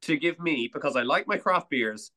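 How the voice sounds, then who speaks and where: A man in casual podcast chat, telling a story in an animated way with some swearing. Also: fairly high pitch, moderate pace. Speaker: podcast co-host.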